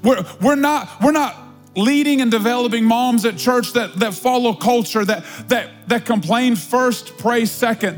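A man preaching a Mother's Day sermon as pastor, with drawn-out, emphatic repetition. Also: very high-pitched. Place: large church hall. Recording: live sermon with long hall reverb and faint music.

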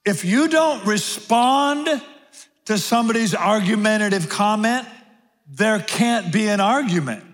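A man preaching a sermon to a gathered congregation. He repeats key phrases slowly for emphasis. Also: high-pitched, animated, fairly bright tone, big-room sound. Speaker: pastor. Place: large room with audience.

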